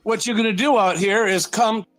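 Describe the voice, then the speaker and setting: An older man on a call-in line is combative, profane and loud. His voice is pitched high for a man. The sound is dry, with no room echo. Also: steady tone, moderate pace, soft background music. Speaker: caller. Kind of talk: angry call-in argument.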